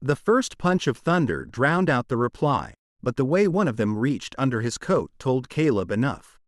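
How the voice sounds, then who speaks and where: Expressive male audiobook narrator. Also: mid-range voice, normal speed, no room sound, studio quality. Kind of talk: scripted romance audiobook narration.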